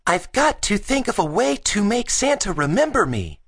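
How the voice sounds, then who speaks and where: A man doing an anxious, excitable young boy. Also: normal speed, breathy edge, heavily acted. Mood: eager. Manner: high-pitched, worried and whiny. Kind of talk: children's audiobook character voice.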